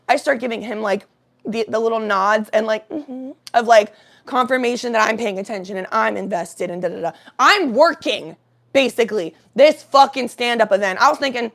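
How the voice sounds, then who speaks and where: A young woman vlogger tells a story to her viewers in a loose, casual chat, swearing freely. Her voice sits a little high for a woman, and she greets people in the chat by name as she talks. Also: normal speed. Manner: chatty, profane, animated storytelling.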